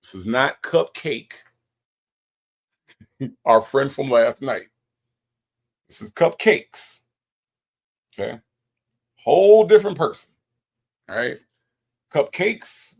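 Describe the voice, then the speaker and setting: A man hosting a livestream, reading out viewers' comments and firing back with sassy, repeated emphasis. His voice is gravelly and mid-pitched. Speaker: host.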